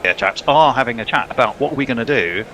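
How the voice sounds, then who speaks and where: A man's voice: medium pitch, expressive, fast, pushed and bright, slight background noise. A man doing ball-by-ball cricket commentary in a playful, joking way, often laughing. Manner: playful, laughing, jokey banter.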